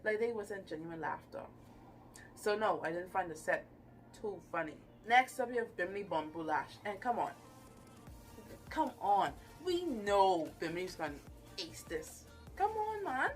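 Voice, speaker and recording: A woman casually reviewing a TV episode on her channel, animated and gushing, with playful asides. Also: on the low side, normal speed, faint music behind. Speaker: YouTube reviewer.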